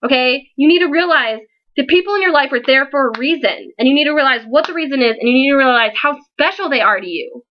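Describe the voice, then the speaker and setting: Teen girl, high-pitched, worked-up vlog appeal, lo-fi webcam sound. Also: animated, fast talker, few pauses. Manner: earnest and emotional, pleading and scolding by turns. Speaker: founder of an online support page. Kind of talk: impassioned vlog speech to followers.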